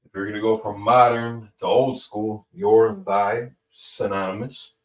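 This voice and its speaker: A man's voice: on the low side, steady tone. A man casually explaining grammar as a teacher, thinking aloud and correcting himself as he goes. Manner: slow, thinking aloud, with fillers and self-corrections. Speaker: Hebrew language teacher. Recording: echoey room, distant from the mic.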